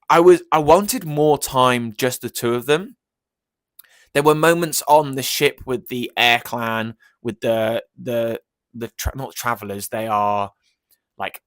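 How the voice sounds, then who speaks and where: A man reviewing a film for his vlog, rambling and excited, with plenty of fillers. His voice sits in an ordinary middle pitch. It is recorded dry and close, with no room sound. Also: dry recording. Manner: enthusiastic, rambling, many fillers.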